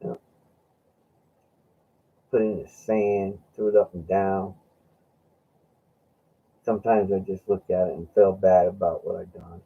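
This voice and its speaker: A man's voice: low voice, little pitch movement, unhurried, pauses often. A man hosting a casual chat, telling rambling stories with laughs and acting out what his friend said. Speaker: host. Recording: dull lo-fi sound.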